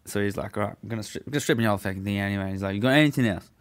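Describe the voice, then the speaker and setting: A man's voice: lowish voice, very fast. A young man telling a story in casual chat, laid-back, swearing freely and laughing as he goes.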